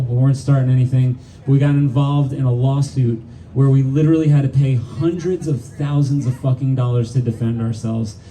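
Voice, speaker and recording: Between songs on a live venue stage, a middle-aged band singer with a warm, medium-pitched voice tells a rambling, profane story, laughing often. His stage vocal mic is picked up from the crowd in a distant audience recording with the band, with slight background noise.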